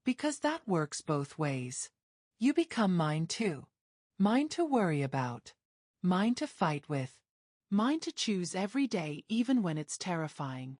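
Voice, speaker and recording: Woman doing a resolute young heroine, earnest, lowish voice, lively inflection. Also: a little slow, dry recording, studio quality. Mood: tender. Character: determined young woman choosing love over fear.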